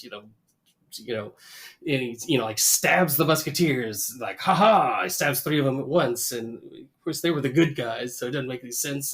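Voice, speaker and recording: A man co-hosting a podcast, casually retelling scenes and acting out quoted lines with bursts of laughter. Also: mid-range voice. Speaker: podcast co-host. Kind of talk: casual chat recapping an episode.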